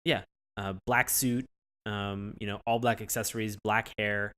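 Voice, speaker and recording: A man's voice: fairly low pitch, flat delivery, unhurried, a bit bright, smooth. A man co-hosting a podcast, describing a show in a rambling way and acting out characters' lines. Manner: rambling, many fillers and restarts, acts out lines. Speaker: podcast co-host. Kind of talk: casual chat about a cartoon.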